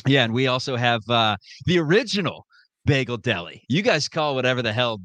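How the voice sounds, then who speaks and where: A man's voice: medium pitch, sing-song, a little fast, fairly bright tone, dry recording. A young man hosting a podcast, ribbing his guest and telling rambling stories in casual chat. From Ohio. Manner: joking storyteller, ribbing banter. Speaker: podcast host.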